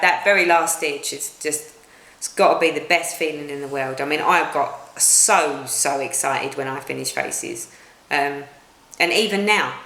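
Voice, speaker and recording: A woman's voice: low voice, bright, forceful tone. A middle-aged woman with a British accent, chatting at home in a casual vlog and rambling with many restarts. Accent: British English. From United Kingdom. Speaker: cross-stitch vlogger. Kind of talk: casual chat. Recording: roomy echo.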